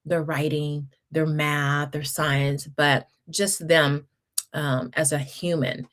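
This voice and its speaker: A woman's voice: low voice, flat delivery, slow. A middle-aged woman hosting a casual livestream, reading viewer comments and giving encouraging, chatty advice with laughs and restarts. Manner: Southern-style address to viewers. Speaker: homeschool channel host.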